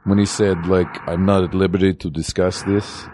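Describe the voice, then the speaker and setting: A man playing a deadpan male cosmonaut with a mock Russian accent in an improvised comedy bit. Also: deep voice, normal speed, slight background noise, close to an everyday voice. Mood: musing.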